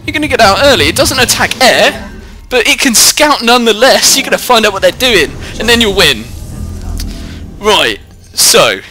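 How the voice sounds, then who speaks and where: Speaking into a headset at home but not in his normal recording place, this young British man in his teens rambles through playful, self-deprecating commentary on a strategy game. He sounds high-pitched, pushed and bright.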